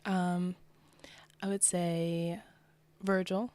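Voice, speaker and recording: A woman's voice: lowish voice, little pitch movement, extremely slow, a little mellow, no room sound. A young woman from New Jersey, a fashion designer, talking as a guest in a casual interview, chatty and upbeat with lots of "like" and "you know".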